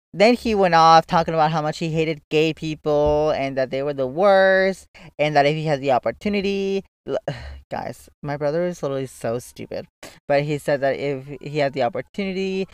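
A young man tells a personal story straight to camera, chatty and loose, with frequent "like" and casual swearing. His voice is smooth and clear. The sound is dry, as if recorded close to the mic. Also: fairly high pitch, moderate pace, dry recording. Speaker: vlogger.

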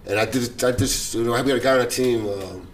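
A man rattles through his story at a quick clip, talking in a loose, casual way. He jumps his voice up high to act out what other people said. There is a faint hum of room ambience behind him. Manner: animated storyteller, acts out quoted voices with big pitch jumps. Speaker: guest, former basketball player.

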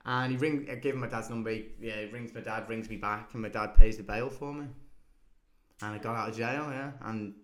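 A young British man telling stories in casual chat, animated and often laughing. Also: fairly low pitch, a little fast. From Britain. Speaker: guest.

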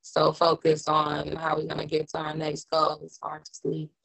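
A woman's voice: sits low, completely flat delivery, normal speed, vocal fry, a bit bright, low-quality recording. A young woman rapper chatting casually in an interview, laid-back, with lots of "um" and "like". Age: young adult. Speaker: rapper guest.

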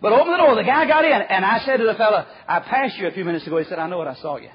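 A man preaching a folksy storytelling sermon, acting out the quoted voices and dropping to a hush at times. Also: sits high, animated, rapid-fire, breathy edge. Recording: muffled lo-fi recording.

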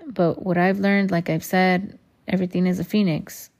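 A woman's voice: lowish voice, flat delivery, normal speed, a little mellow. A woman hosting her own podcast, talking candidly and rambling, swearing freely and calling her listeners y'all. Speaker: podcast host. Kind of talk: casual solo podcast monologue.

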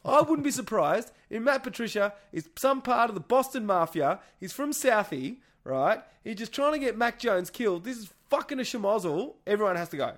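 High-voiced excitable man. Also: moderate pace, hardly any pauses. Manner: excitable, profane, laughing. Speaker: podcast co-host. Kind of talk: casual sports chat.

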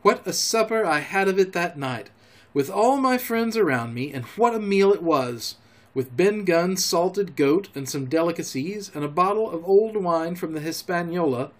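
A man, a podcast storyteller, reading a classic adventure novel aloud in a measured, expressive way. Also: sits high.

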